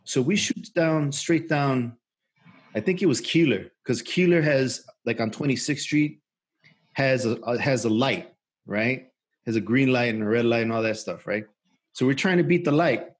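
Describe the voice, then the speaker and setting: A podcast co-host with a mid-range voice tells a rambling, profane story at normal speed. It's casual storytelling, packed with fillers and restarts.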